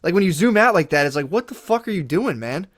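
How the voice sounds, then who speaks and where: A man's voice: sits high, expressive, fast talker. Blunt, swearing man in casual podcast talk. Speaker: podcast guest. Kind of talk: casual chat.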